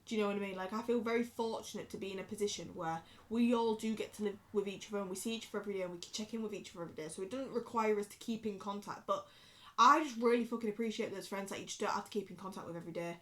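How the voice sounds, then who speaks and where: A woman's voice: medium pitch, rapid-fire. Chatty, sweary Yorkshire woman in her twenties. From Yorkshire, England. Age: 20s. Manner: rambling, sweary, chatty, animated. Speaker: vlogger. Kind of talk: casual talking-to-camera vlog.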